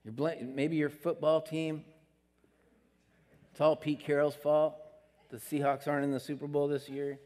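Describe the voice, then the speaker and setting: A man's voice: a little high, flat delivery, measured pace, pauses often, darkish tone. A man preaching a sermon in an earnest, conversational way, with emphatic rises on his key points. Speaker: pastor. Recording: long hall reverb.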